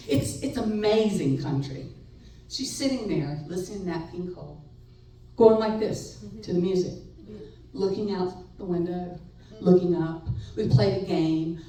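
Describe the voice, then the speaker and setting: A middle-aged woman telling a personal story live on stage, wry and animated, laughing between lines. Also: on the low side. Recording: echoey room, far mic, faint noise.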